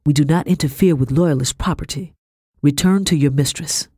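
A woman's voice: deep voice, normal speed, mellow, husky, no echo, clean studio sound. A stern British captain, as a woman reads him. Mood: commanding. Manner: formal, clipped commands. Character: stern male British army captain, clipped and formal.

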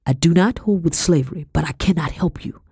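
A woman's voice: deep voice, brisk, a little mellow, husky, dry recording, clean studio sound, heavily acted. A woman voicing a stern male British army captain who speaks in clipped, formal sentences. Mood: commanding.

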